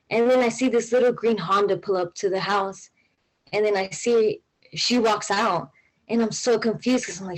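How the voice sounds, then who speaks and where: A woman's voice: medium pitch, moderate pace, low-quality recording. A young woman telling a personal story on stage, in a casual way with many fillers and an anxious tone. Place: stage at a live event.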